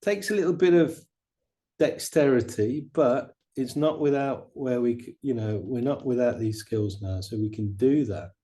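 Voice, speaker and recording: A middle-aged man teaching watercolor painting, chatting in a relaxed way and explaining each step as he paints. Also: medium pitch, moderate pace. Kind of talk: painting demonstration.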